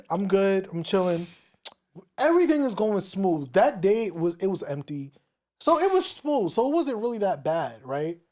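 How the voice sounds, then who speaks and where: Male podcast co-host, animated storyteller with a lively pitch and a lot of swearing. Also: unhurried. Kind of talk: casual podcast chat.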